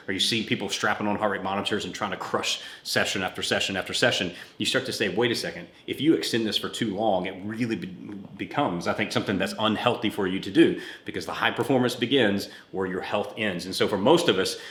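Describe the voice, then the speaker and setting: A man in his forties hosting a fitness podcast, telling a rambling personal story while coaching a workout. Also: lowish voice. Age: 40s. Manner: chatty, rambling, animated when retelling. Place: gym. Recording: roomy echo, mic at a distance.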